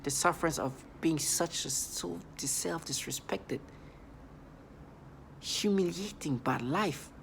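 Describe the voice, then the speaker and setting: A vlogger speaking in a halting, repetitive, accusatory monologue. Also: medium pitch, gravelly, a little hiss or hum. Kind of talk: angry vlog monologue.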